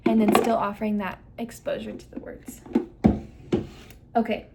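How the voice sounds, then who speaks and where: A woman's voice: medium pitch, little pitch movement, normal speed, creaky, long pauses, very noisy. A young woman speech therapist walking parents through a listening game step by step, stressing key words. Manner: explains step by step, models exaggerated emphasis on key words. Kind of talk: instructional demonstration.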